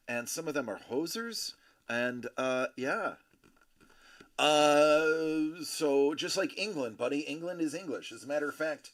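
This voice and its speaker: An American man with a fairly high, bright voice chats casually on his stream. His talk rises and falls a lot as he rambles and jokes. He pads his sentences with fillers and restarts. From United States. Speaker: livestream host and father.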